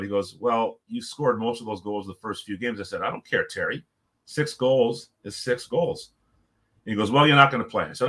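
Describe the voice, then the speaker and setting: A man's voice: mid-range voice, quick pace. A middle-aged man from Jamaica, a former pro hockey player, telling a long story in casual talk and acting out what people said. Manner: animated storyteller, acts out quotes, many restarts.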